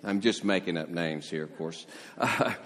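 A man's voice: deep voice, moderate pace. A man preaching a sermon as pastor, telling stories and lightly acting out quoted voices. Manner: storytelling, animated voices for quotes. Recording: long hall reverb.

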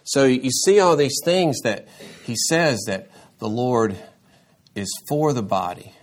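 Taking it slowly, a man preaches his sermon as pastor. His delivery is animated, with repeated words, restarted phrases, and abrupt rises into a high pitch for emphasis.

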